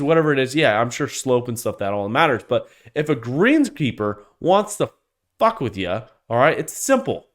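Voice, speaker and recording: A man hosting a solo podcast rant, heated and profane, swearing freely and tripping over restarts as he gets worked up. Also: a little high. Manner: restarts and repeats words when worked up. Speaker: podcast host.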